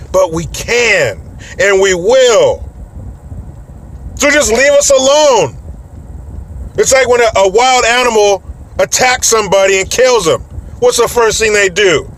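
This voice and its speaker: A man's voice: sits high, fairly bright tone. Blunt, profane man ranting. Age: adult with children. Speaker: political commentator. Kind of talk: ranting political commentary.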